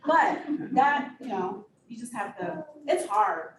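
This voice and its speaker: A woman executive director telling candid stories in an interview, blunt and animated, with sudden high-pitched bursts. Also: measured pace. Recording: echoey room, distant mic, audible noise.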